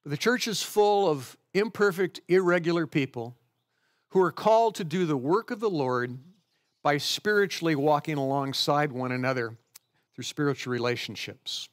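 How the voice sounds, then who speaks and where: A man's voice: on the high side, normal speed. A middle-aged man, a pastor, preaching a sermon and explaining scripture verse by verse in a conversational way.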